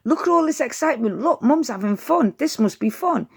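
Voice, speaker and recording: A woman voicing an excitable young pet dog, high and bouncy, eager for fun. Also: fairly quick, gravelly, husky, heavily acted. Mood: excited.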